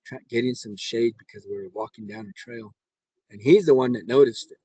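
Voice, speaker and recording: A man's voice: medium pitch, brisk, mellow, slightly rough, no room sound, rough recording. A middle-aged man from the Navajo Nation, a scoutmaster telling his story in a rambling way, with restarts and acted-out quotes. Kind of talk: casual storytelling.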